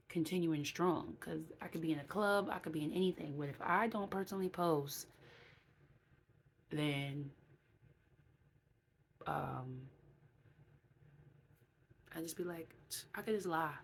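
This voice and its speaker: A woman with a low voice talks frankly and chattily to her viewers in a casual vlog, sometimes slipping into other people's voices. A faint background hiss sits under her speech. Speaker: vlogger.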